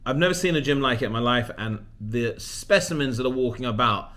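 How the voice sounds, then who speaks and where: A man's voice: mid-range voice, brisk, fairly bright tone. A man in his forties, a leadership coach, talking casually in a personal vlog, chatty and self-deprecating, often restarting his sentences. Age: 40s.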